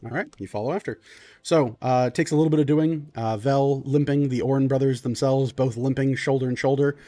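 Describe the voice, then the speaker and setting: A man's voice: medium pitch, fairly quick. Easygoing male game master narrating the scene. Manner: relaxed, loose narration with fillers.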